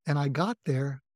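A man's voice: on the high side, a little mellow, no room sound. Older man, earnest, dry close sound. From New England, US. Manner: earnest, reflective, self-revealing. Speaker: psychiatrist guest. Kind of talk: candid personal storytelling.

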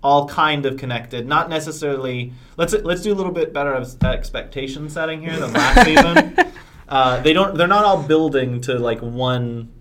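A man's voice: on the high side, expressive, moderate pace, few pauses, fairly bright tone. A man co-hosting a casual chat podcast, rambling and joking, often trailing off and restarting. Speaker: podcast co-host.

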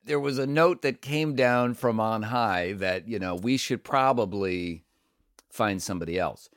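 A man's voice: on the low side, unhurried, no echo, studio quality. A man who does comedy and voice work, telling stories loosely and swearing freely in a casual interview. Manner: animated, swearing storyteller. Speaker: comedian and voice actor.

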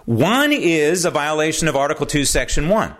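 Guy hosting his own commentary show, bit high voice, really animated, keeps wandering off on tangents. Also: moderate pace. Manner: animated, asks rhetorical "right?" often; digresses into anecdotes. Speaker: host. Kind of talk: political commentary monologue.

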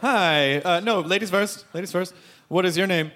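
High bright-voiced man hosting a live show. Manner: quick, joking, profane crowd work. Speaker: podcast host. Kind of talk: live podcast banter with audience.

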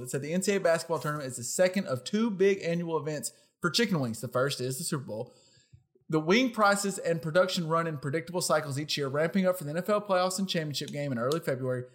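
A man with a slightly higher voice co-hosting a casual podcast. He rambles chattily, restarts his thoughts and laughs easily. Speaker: podcast co-host. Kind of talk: casual chat.

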